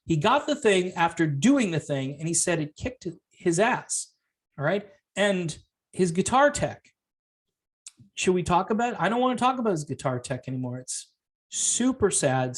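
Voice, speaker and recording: A man delivering a sarcastic opinion rant as a music commentary vlogger, full of rhetorical questions. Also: sits high.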